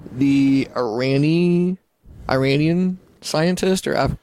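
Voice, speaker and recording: A man's voice: fairly high pitch, slow pace, a little mellow, slight background noise. A man co-hosting a podcast, chatting with enthusiasm and casual swearing. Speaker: podcast co-host. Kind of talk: casual chat.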